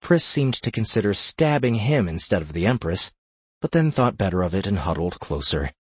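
A man reading a fantasy audiobook with a deep, husky voice. His storytelling is measured and steady. The sound is dry and close to the mic. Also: no room sound. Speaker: narrator. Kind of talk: scripted fantasy audiobook narration.

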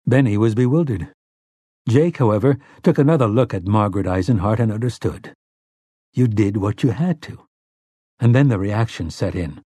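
A man narrating an audiobook in a measured, steady storytelling manner. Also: fairly low pitch, slightly rough, no room sound, clean studio sound. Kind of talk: scripted narration.

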